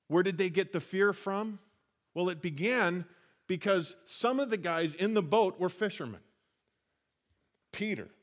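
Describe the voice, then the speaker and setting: A man preaching a sermon, retelling scripture stories in an earnest, conversational way with frequent restarts. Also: high-pitched. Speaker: pastor.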